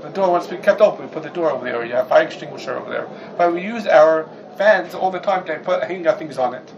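A man teaching a Talmudic lecture, lively and full of rhetorical questions, dropping Hebrew and Yiddish terms. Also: a little high, fast talker, gravelly, dull audio, a little hiss or hum. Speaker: Torah class teacher.

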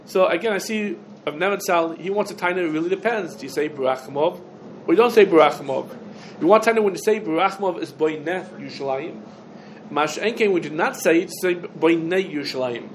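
A man with a fairly high voice gives a halachic lecture, talking it through out loud and dropping Hebrew and Yiddish terms into his English. Faint background noise sits under the recording. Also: quick pace. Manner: thinks aloud, mixes Hebrew and Yiddish terms. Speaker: Torah teacher.

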